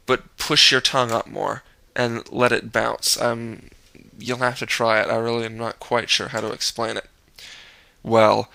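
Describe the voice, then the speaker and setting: A man's voice: medium pitch, vocal fry, bright, forceful tone, clean tone, no room sound. A young man casually teaching pronunciation, hesitating as he searches for explanations and repeats sounds to demonstrate them. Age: young adult. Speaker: language tutor.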